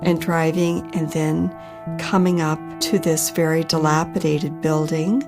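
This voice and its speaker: A woman telling a personal story for a podcast in a slow, measured way, pausing often. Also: low voice, little pitch movement, over music. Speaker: storyteller recounting her own experience.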